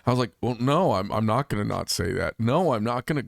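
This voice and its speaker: A man's voice: medium pitch, lively intonation, fast talker, gravelly, no echo, clean studio sound. A man hosting a casual interview chat who laughs easily and agrees readily. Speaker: podcast host.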